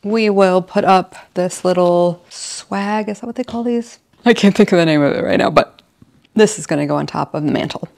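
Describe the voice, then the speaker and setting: A chatty middle-aged woman talks casually at home while she decorates. Her voice sits a little low with plenty of gravelly fry. She laughs often and likes to wander off into stories. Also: normal speed, a little mellow. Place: home, indoors.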